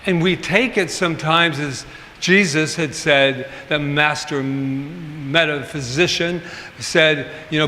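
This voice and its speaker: Male pastor, fairly high, bright voice; candid, joking sermon delivery; church hall reverb. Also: slow. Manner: chatty and candid, with humorous asides. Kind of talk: informal sermon. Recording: reverberant hall, faint ambient noise.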